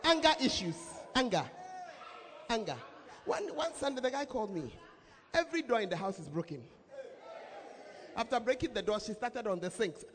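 A woman pastor preaching a sermon in a lively, shouting, laughing manner. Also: a little high, normal speed, long pauses. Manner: animated, shouts and laughs often. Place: church hall with congregation. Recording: reverberant hall, faint crowd.

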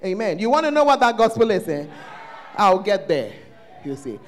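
A man with a Ghanaian English accent, preaching a sermon as pastor at a church service, swinging between shouted lines and hushed asides. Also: high-pitched, very animated, normal speed, a little hiss or hum.

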